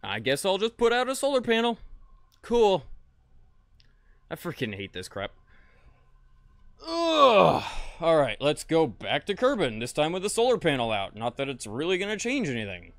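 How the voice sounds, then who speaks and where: A man's voice: fairly high pitch, sing-song, quick pace, few pauses, no room sound, studio quality. A young man streaming a space game, talking to chat and muttering in frustration, swearing often. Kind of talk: casual live-stream commentary.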